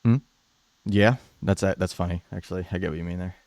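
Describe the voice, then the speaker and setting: A man's voice: low voice, fairly even intonation, fast talker, darkish tone, dry recording. A man hosting a live debate stream, talking in a laid-back, casual way with many filler words. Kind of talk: casual chat.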